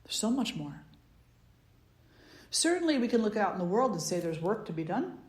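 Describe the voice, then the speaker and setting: Slow, meditative woman spiritual teacher. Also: medium pitch, darkish tone, echoey room. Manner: slow, meditative, repeating phrases for emphasis. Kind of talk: spiritual talk.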